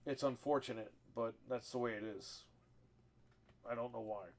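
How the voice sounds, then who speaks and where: A male live streamer talks loosely to his chat in a voice that sits at an ordinary middle pitch. He rambles and curses freely. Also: moderate pace. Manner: profane, rambling and animated when telling stories.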